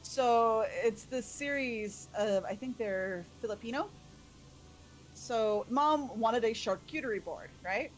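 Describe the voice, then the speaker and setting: A woman's voice: a little high, slow pace. An American woman chatting and joking casually while playing a game on stream. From United States. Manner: chatty, jokey. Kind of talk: casual gaming chat.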